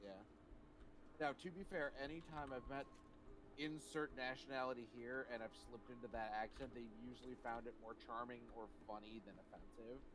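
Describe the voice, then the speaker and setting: A man's voice: medium pitch, steady tone, a little fast. A man chatting casually on a game stream, rambling with hesitant restarts. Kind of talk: casual gaming chat. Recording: noisy recording.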